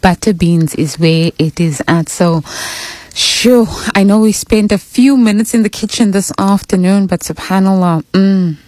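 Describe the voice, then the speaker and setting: A woman hosting a radio show, talking in a chatty, warm and prayerful way. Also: mid-range voice, normal speed, few pauses, dry recording. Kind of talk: casual radio talk. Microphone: studio microphone.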